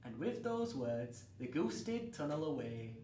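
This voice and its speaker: Cheery storyteller man, lively pitch. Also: unhurried. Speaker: host of a children's story show. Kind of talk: comic storybook narration. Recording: roomy, distant mic with faint noise.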